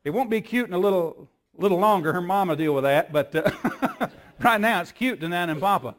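High-voiced, emphatic older preacher. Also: male voice, expressive, brisk. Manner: emphatic, repetitive preaching cadence. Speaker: pastor. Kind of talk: sermon.

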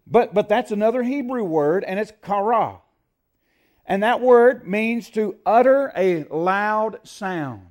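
A man preaching a sermon, emphatic and rising to loud peaks when quoting scripture, often asking the congregation to call out the next word. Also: sits high, expressive, takes it slowly. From United States. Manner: asks the congregation to fill in words.

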